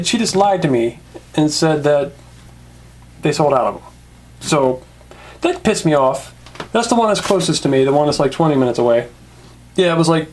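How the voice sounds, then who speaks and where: A casual toy reviewer who rants, swears and laughs often. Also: medium pitch.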